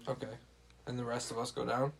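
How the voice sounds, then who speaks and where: A man's voice: medium pitch, little pitch movement, fast, creaky. Casual male player over heavy noise. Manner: casual, checks details with filler words. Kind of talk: tabletop role-play.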